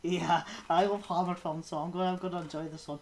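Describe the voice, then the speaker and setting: This woman co-hosts a podcast and talks fast in a lowish, slightly mellow voice with little pitch movement. She rambles through a loose chat about horror films, full of fillers and laughs that trail off.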